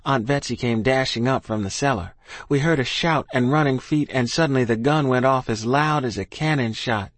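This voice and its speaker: A man's voice: mid-range voice, normal speed, a bit bright, no room sound. A man reading a first-person story aloud in a plain, earnest, folksy way. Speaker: audiobook narrator.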